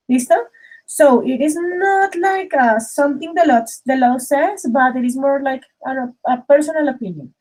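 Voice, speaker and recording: High-pitched lady teaching grammar on a video call, sweet with her students, calls them dears. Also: brisk, a little mellow, rough recording. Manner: affectionate, calls students dears and babies, mixes in Spanish. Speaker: English teacher. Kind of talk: online class, explaining grammar.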